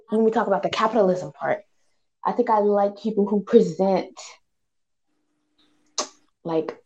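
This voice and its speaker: A woman's voice: mid-range voice, a little mellow, muffled recording. A woman in casual conversation, thinking aloud with many fillers and restarts. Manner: thoughtful, hesitant, many fillers.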